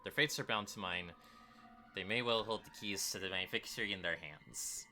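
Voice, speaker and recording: A man's voice: lowish voice, normal speed, pushed and bright, faint music behind. A man reading the lines of a guarded, skeptical male doctor from a video game, with a loose put-on Southern US accent. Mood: resolute. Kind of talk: reading video game dialogue aloud on a stream.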